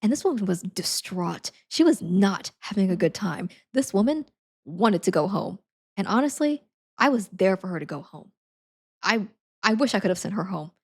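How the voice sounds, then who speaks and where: A woman's voice: medium pitch, animated, moderate pace, slightly rough. A woman streamer telling a casual, self-deprecating story, laughing often as she goes.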